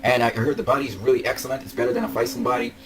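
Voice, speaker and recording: This vlogger is a young man of medium pitch and steady tone, talking rapid-fire over music on a rough recording. Gushing about his collectible figures, he keeps repeating himself and breaking into laughter and shouts.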